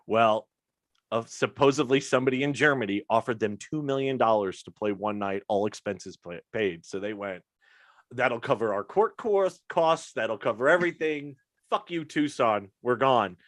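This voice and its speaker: A man's voice: medium pitch, fairly bright tone, no echo. A middle-aged man hosting a casual chat show, telling stories and running himself down between impressions. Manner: self-deprecating, tells stories and slips into character impressions. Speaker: show host.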